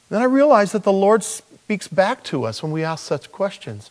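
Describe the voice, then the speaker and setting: Middle-aged male pastor, slightly high voice, folksy story-driven sermon with hushed prayer asides. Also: big pitch swings, moderate pace, few pauses. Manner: conversational storytelling, drops soft and low for quoted prayers, laughs often.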